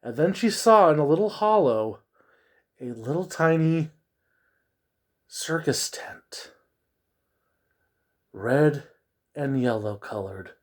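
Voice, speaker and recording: Slow, hushed spooky storyteller, a man. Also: on the high side, lively intonation. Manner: slow, drawn-out, hushed dramatic delivery.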